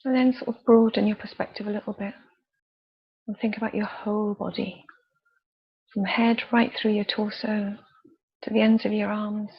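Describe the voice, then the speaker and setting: A woman leading a guided body scan meditation with slow, soft, calm instructions and pauses. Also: medium pitch, gravelly, breathy edge, dull audio. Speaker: youth worker leading a relaxation exercise.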